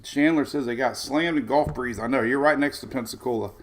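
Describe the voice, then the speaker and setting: Man in his forties, everyday mid pitch, chatty live-stream host who rambles and greets viewers by name. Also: fairly quick. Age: 40s. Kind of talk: casual live-stream chat. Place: home in Florida.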